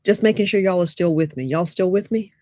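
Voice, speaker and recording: A woman hosting a live webinar, chatty and lively, talking straight to her viewers. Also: lowish voice, fairly quick, noisy background. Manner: lively, chatty, addresses audience as y'all. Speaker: webinar host and dating coach.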